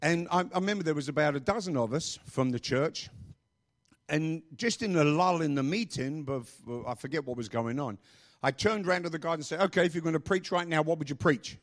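A man's voice: fairly high pitch, brisk. A male pastor preaching a sermon, emphatic and repeating phrases, with rambling asides.

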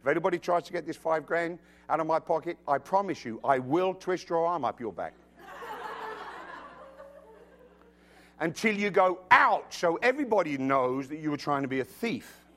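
A man with a high voice preaches a sermon, quoting scripture as he goes. He swings from hushed, close passages to loud, emphatic bursts and slips in humorous asides. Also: very animated, measured pace, pauses often, slight background noise.

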